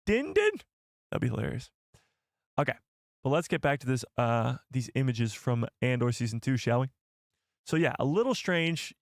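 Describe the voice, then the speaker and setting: A man's voice: mid-range voice, dry recording, studio quality. A young man hosting a casual live stream, chatty and jokey, thinking aloud with fillers as he reads out viewer comments.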